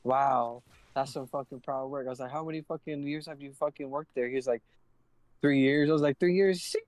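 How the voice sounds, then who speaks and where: A man's voice: mid-range voice, fairly even intonation, fast, no room sound, low-quality recording. A young man on a live stream, telling a heated story full of swearing and acting out both sides of an argument. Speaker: livestreamer.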